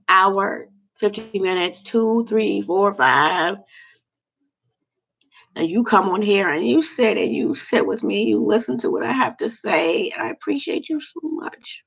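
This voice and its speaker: Woman livestreamer, gravelly voice, blunt unfiltered rant full of fillers, dull lo-fi sound. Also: mid-range voice, a bit bright. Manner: blunt, candid, rambling with fillers.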